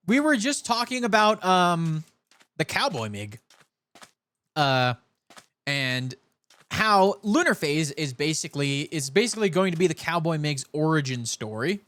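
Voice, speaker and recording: A young man from California streaming a game, chatting in a rambling way and talking with a soft put-on Southern cowboy drawl. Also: fairly high pitch, sing-song, a little slow, dry recording. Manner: rambling, chatty, self-interrupting. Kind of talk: casual live-stream chat while gaming.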